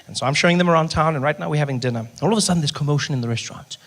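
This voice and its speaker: A man with a South African accent doing stand-up storytelling, animated, rushing through bursts of nervous self-talk. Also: on the high side. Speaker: stand-up comedian. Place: stage before a live audience. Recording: noisy live stage recording.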